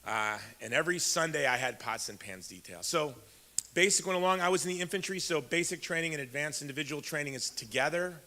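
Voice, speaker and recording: A man's voice: on the high side, lively intonation, fast talker, sharp tone. A man in his fifties from Chicago giving a keynote speech, telling a personal story in a conversational way and speaking straight to the audience. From Chicago, USA. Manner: conversational, addresses the audience directly. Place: large event hall. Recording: echoey hall.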